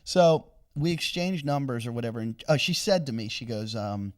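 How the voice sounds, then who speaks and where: A man's voice: medium pitch, expressive, moderate pace. A man who does stand-up comedy and co-hosts a podcast, telling a long crude anecdote in a rambling, casual way. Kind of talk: casual storytelling chat.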